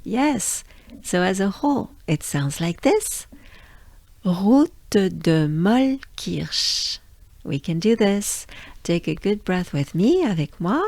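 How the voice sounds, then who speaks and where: A woman from France with a French accent, coaching listeners through pronunciation and drilling each sound slowly over and over. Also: medium pitch, sing-song, dark tone, no room sound. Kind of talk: slow pronunciation lesson.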